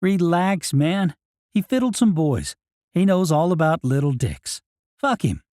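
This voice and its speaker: A man putting on a crude, wisecracking prison officer with a deep Indian accent, tossing off remarks in a laid-back, irreverent way. The tone is mellow and a little low for the character, recorded dry and close with no room sound. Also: very animated, unhurried, no echo. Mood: dismissive. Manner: deep-voiced, casual and irreverent.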